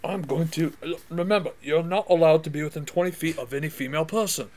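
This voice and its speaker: A man doing quick-witted, incredulous improv comedy. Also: fairly high pitch, darkish tone.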